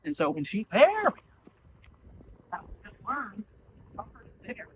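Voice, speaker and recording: A man's voice: high-pitched, huge pitch swings, normal speed, a little hiss or hum, poor audio. A man working as a horse trainer, coaching bluntly while riding, swearing freely and acting out little voices to make his point. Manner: blunt, profane, acts out voices to explain. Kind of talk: coaching during a training session.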